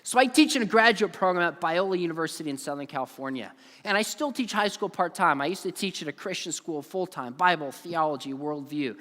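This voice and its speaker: A man in his forties delivers an earnest, emphatic talk to a young audience and leans on stories. His voice sits high for a man. It carries a long, lingering reverb from a large hall. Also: fairly quick, fairly bright tone. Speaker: conference speaker. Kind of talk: earnest conference talk to students.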